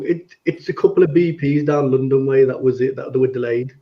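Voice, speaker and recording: A man's voice: medium pitch, brisk, few pauses, lo-fi sound. A laid-back man co-hosting a casual football chat, swearing casually. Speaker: podcast co-host.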